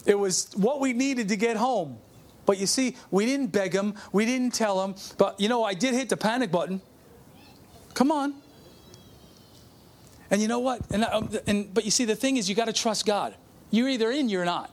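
Middle-aged male pastor with a high voice, preaching a conversational testimony sermon. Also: normal speed. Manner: conversational, calls out to the congregation.

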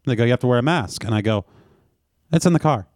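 A man co-hosting a casual podcast, making sardonic, deadpan jokes. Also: mid-range voice, fast, dry recording, clean studio sound. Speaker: podcast co-host. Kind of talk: casual chat.

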